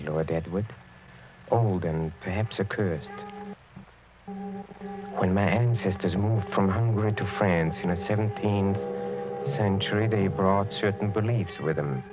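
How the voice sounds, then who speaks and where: A middle-aged actor playing a sinister aristocratic count who speaks in a smooth, insinuating way and chuckles often, in an old radio drama. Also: male voice, low voice, unhurried, pauses often, music in the background. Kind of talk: 1940s radio acting. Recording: dull lo-fi old radio broadcast.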